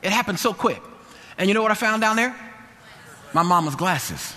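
Bright-voiced fervent male preacher. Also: high voice, expressive, normal speed. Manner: fervent, repetitive storytelling with many restarts. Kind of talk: sermon with personal story. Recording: long hall reverb.

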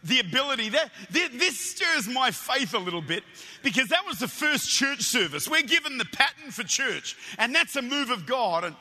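High-voiced, energetic Australian preacher. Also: male voice, normal speed, long reverb tail. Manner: energetic, animated storytelling with stammered restarts. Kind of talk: sermon. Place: church.

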